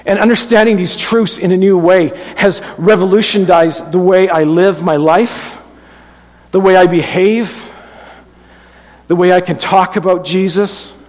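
A man's voice: high-pitched, steady tone, unhurried, darkish tone. A middle-aged man preaching a sermon as pastor, earnest and conversational, often restarting his sentences. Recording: long hall reverb.

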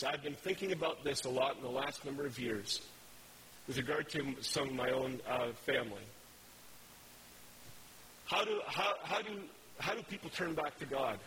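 A man's voice: on the high side, normal speed, bright, forceful tone, slight background noise, poor audio. A man preaching a sermon, telling a story in a conversational way. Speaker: pastor.

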